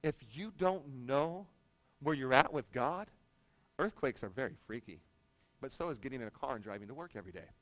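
A man's voice: medium pitch, lively intonation, a little fast, a bit bright, no echo, poor audio. A young adult man, a pastor, preaching a sermon in a conversational way that builds to emphatic proclamation.

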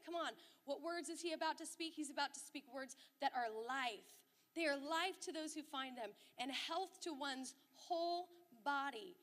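A middle-aged woman pastor preaching a sermon, telling stories with lively, emphatic repetition. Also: high-pitched, moderate pace, in a large hall. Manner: animated storytelling with emphatic repetition.

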